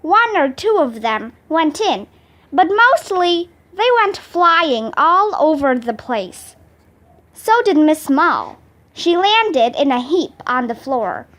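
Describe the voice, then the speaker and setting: A woman reading a children's chapter book aloud with an expressive, animated delivery. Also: high voice, slow pace. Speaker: storybook reader. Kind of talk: children's storybook read-aloud.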